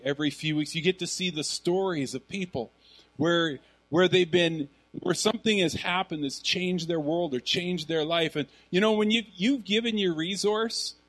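A middle-aged man delivers a sermon as a pastor. His voice sits a little high for a man. He tells stories in an animated, conversational way.

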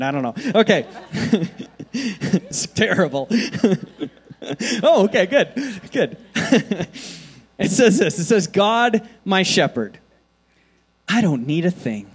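A man preaching a sermon in a conversational, animated way, with lots of casual fillers. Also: fairly high pitch, normal speed, slightly rough. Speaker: pastor.

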